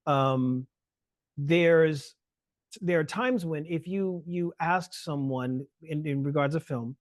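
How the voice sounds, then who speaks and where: Man, lecturer on a webinar call, brisk, filler-heavy delivery, slightly high voice, dry sound. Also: no echo. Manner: fast, fluent explaining with frequent fillers. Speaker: guest lecturer.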